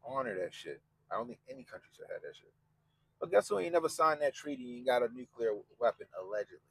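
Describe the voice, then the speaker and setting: A man's voice: mid-range voice, sing-song, quick pace, vocal fry, slightly rough, no echo, rough recording. A man hosting a podcast, talking casually and profanely, mocking people and quoting them in put-on voices. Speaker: podcast host. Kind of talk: casual commentary chat.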